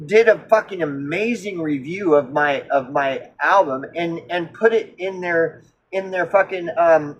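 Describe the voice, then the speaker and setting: Profane, animated high-voiced man. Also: a little hiss or hum, rough recording. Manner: profane, animated, with frequent fillers and restarts. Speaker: musician. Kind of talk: casual storytelling monologue.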